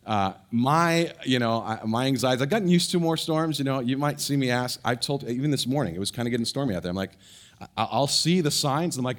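A middle-aged pastor, fairly quick and mid-range in voice, tells a personal story during his sermon. The telling is lively but riddled with restarts and filler words.

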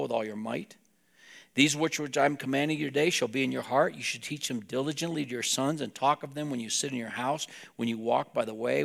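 A man's voice: mid-range voice, gravelly. A man preaching a sermon as a pastor, talking plainly and directly to his congregation.

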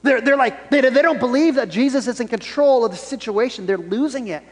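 A pastor preaching a Sunday sermon in an animated style, repeating his key phrases for emphasis. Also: extremely high pitch, fairly quick, in a large hall.

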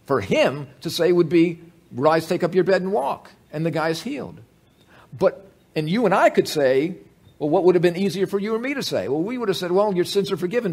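A man's voice: mid-range voice, husky. A man teaching from the Bible in a sermon. He retells a story with emphasis and asks the listeners questions.

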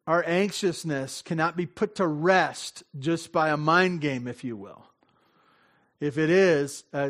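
A man's voice: a little high, fairly bright tone. Man preaching in a chatty way. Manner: chatty and self-interrupting, laughs often, acts out little dialogues; asks the audience direct questions. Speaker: pastor. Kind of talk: conversational sermon.

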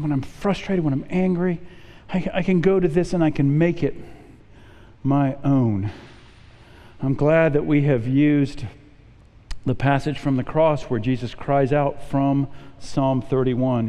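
A man's voice: high-pitched, a little mellow. A middle-aged man preaching as a pastor, earnest and often repeating words as he speaks. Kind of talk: sermon. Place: church sanctuary. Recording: long hall reverb.

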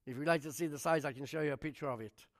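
A man preaching a sermon, telling his own testimony with animated storytelling and fervent rhetorical questions. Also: fairly high pitch, racing.

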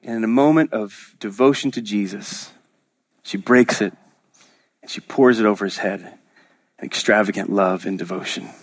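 A man's voice: lowish voice, moderate pace, long pauses. A man from Oklahoma preaching a sermon as pastor, in a conversational, joking storytelling manner with frequent restarts.

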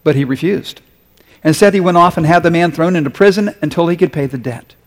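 A man's voice: fairly high pitch, brisk, in a large hall. A male pastor delivering a sermon, talking conversationally and asking his congregation questions as he reads and explains a story. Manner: conversational preaching with rhetorical questions.

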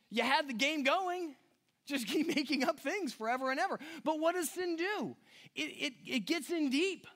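Man, pastor, sermon, lively and joking, high-pitched, very expressive. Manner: animated, jokey, puts on voices for characters.

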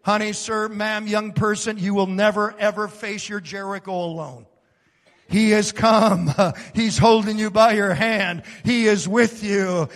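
High-voiced preacher shouting in a church hall. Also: male voice, steady tone, a little slow. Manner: preaching with sudden shouts and dramatic swings. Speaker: pastor. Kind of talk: sermon. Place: church sanctuary.

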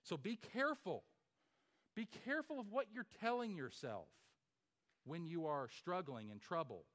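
A man preaching a sermon as pastor, emphatic, with rhetorical questions and swings from loud to hushed. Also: a little high, animated, moderate pace.

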